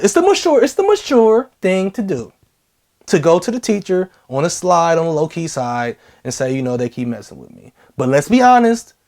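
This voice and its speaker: A man's voice: on the high side, darkish tone. A young adult man giving blunt, slangy advice in a casual vlog, repeating key phrases for emphasis.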